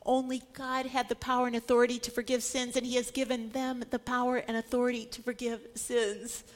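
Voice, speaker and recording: A woman with a high, bright-pitched voice teaches scripture with real conviction. She leans on repeated words for emphasis and slips into the voices of the people in the stories she tells. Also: flat delivery, brisk. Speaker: Bible teacher. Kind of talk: Bible study teaching.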